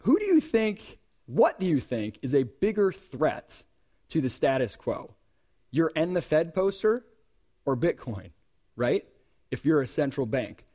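Guy giving a talk at a conference, lively up and down voice, jokes at the crowd. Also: fairly high pitch, measured pace. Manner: animated, with joking asides to the audience. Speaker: conference speaker. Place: conference hall.

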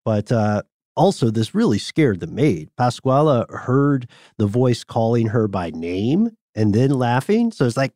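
Lively male podcast co-host. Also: medium pitch, measured pace, no echo, studio quality. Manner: lively, acts out quoted voices. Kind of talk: casual storytelling chat.

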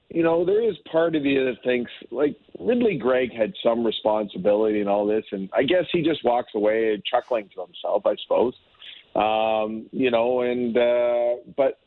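A man's voice: mid-range voice, creaky, dry recording. Blunt man on a tinny phone line. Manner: blunt, talks in run-on restarts. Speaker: hockey historian guest. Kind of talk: casual opinionated radio chat. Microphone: phone call.

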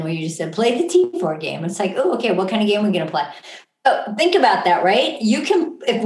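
Female co-host, mid pitch, encouraging coach energy, echoey room. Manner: upbeat, coaching, says "right?" often. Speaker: podcast co-host. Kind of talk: casual motivational chat.

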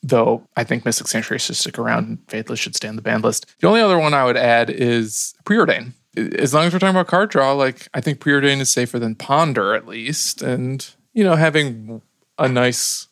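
A man's voice: mid-range voice, brisk, gravelly, a bit bright, dry recording. A man with a mid-range voice co-hosts a podcast, playful and eager as he makes his points. The recording is dry and close. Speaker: podcast co-host. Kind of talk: casual podcast chat.

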